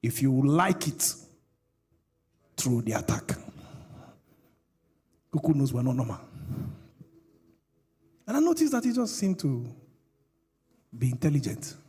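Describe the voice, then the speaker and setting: A man's voice: mid-range voice, very animated, measured pace, long pauses, warm tone, breathy edge. A middle-aged male pastor, preaching a sermon with call-and-response questions to the congregation.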